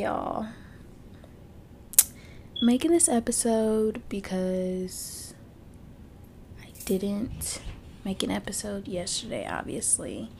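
A woman's voice: medium pitch, gravelly, dark tone, slight background noise. A woman hosting a casual solo podcast. She is teary after crying and vents in a frank, profane, frustrated way with lots of fillers. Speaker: podcast host. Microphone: podcast microphone.

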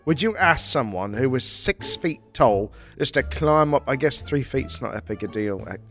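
A man's voice: medium pitch, lively intonation, normal speed, a bit bright, soft background music. A man playing a touchy tiny customer. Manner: prickly, defensive, bursts into indignant outbursts. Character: tiny touchy male creature customer, bowler hat, short-tempered. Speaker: podcast co-host. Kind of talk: improvised comedy sketch.

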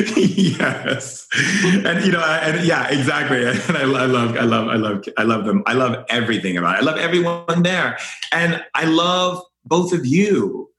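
A man's voice: mid-range voice, moderate pace, fairly bright tone. A man guesting on a podcast, talking in an effusive way, often repeating his phrases and filling with "you know". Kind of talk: warm conversational interview. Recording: roomy echo.

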